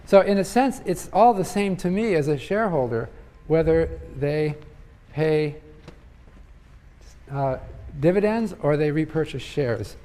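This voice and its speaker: An older male economics professor lectures in a large hall, thinking aloud in a conversational way with frequent fillers and restarts. His voice is a little high and warm, with lively intonation, an unhurried pace, and long pauses. The hall gives the recording a long reverb.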